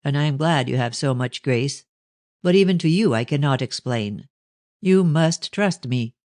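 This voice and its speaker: A man reading an audiobook, voicing a stern, cold older gentleman speaking to his daughter. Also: on the high side, animated, a little slow, no echo, clean studio sound.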